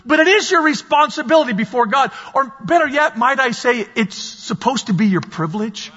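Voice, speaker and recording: A man preaching a sermon as pastor, animated and storytelling, sometimes shouting at the peaks. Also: very high-pitched, brisk, few pauses, husky. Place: church sanctuary. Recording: dull sound in a large reverberant hall.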